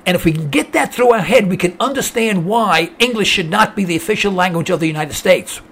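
Older male host, higher-pitched voice, rambling and preachy, faint hiss behind. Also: brisk, a bit bright. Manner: rambling, repeats words, impassioned and preachy. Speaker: talk show host reading listener emails. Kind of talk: casual opinion monologue.

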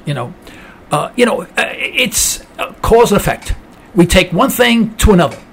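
A man hosting a talk radio show, delivering an impassioned political monologue full of restarts and sudden rises in pitch. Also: big pitch swings, moderate pace, a bit bright, slight background noise. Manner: heated, rambling, with many restarts and rising outbursts.

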